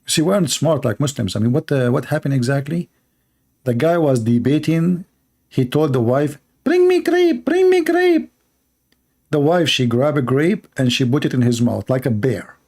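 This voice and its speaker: Speaking at a normal speed, this reaction-stream host has a medium-pitched, darkish voice with a breathy edge. He sarcastically mocks the video he's watching, his English phrasing that of a non-native speaker.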